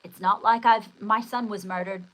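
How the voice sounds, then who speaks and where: A woman's voice: mid-range voice, fairly even intonation, moderate pace, fairly bright tone, rough recording. An older woman hosts a casual livestream. She rambles from one story to the next in an exclamatory way and stops to read viewer comments aloud. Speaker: livestream host.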